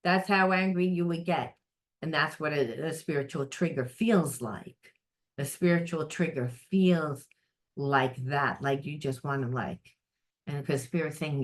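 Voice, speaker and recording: A middle-aged woman with a low voice talks through a spiritual reading off the cuff. She is blunt and lively, swears without pause, and slips into quick quoted voices to make her point. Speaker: psychic tarot reader.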